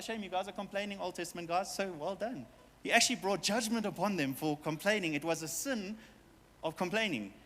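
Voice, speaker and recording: A man's voice: a little high, fairly bright tone, long reverb tail. A man preaching a sermon as pastor, talking straight to his congregation with playful asides and quoted voices. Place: church hall with long reverb.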